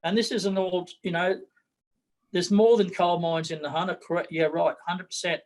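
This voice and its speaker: A man's voice: high-pitched, steady tone, moderate pace, darkish tone, rough recording. A middle-aged man with an Australian accent, a political candidate talking bluntly in an interview, repeating his words as he goes.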